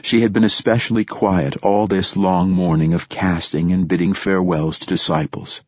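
A man reading a first-person story aloud as narrator, measured and steady. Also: low voice, no room sound, dull audio. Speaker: audiobook narrator. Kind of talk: scripted narration.

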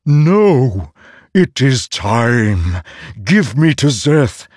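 A man voicing a bloodthirsty sentient black sword in an audiobook, slow and insistent, with a high drawn-out distant voice. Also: sing-song, darkish tone, dry recording, clean studio sound, full character voice. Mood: eager. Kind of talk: audiobook character voice.

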